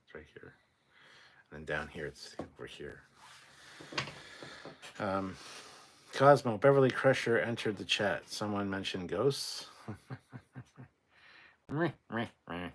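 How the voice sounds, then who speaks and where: A man's voice: lively intonation, a little slow, pauses often, a bit bright. A sleep-deprived man hosting a casual late-night livestream, reading out chat and rambling in a tired, mumbling way. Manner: tired, rambling, drops to low mutters.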